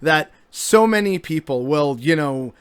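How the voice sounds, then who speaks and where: A man's voice: a little high, lively intonation, a little slow, clear, resonant tone, no echo. A man delivering an exasperated, sarcastic commentary monologue as a vlogger.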